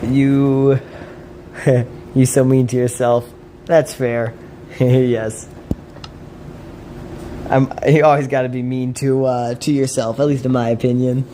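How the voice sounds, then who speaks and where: A man's voice: mid-range voice, flat delivery, takes it slowly, long pauses, dark tone, a little hiss or hum. A man casually chatting while he plays, laid-back and chuckling, talking to himself and his dog. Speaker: streamer. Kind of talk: casual gameplay chat.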